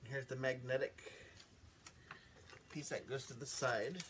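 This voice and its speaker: A man helps with a casual unboxing at home. He speaks at an everyday pitch in brief, plain remarks. Clear noise and the crinkle of packaging run under his voice. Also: fairly even intonation, slow, fairly bright tone. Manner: brief, matter-of-fact remarks. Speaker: co-host, husband.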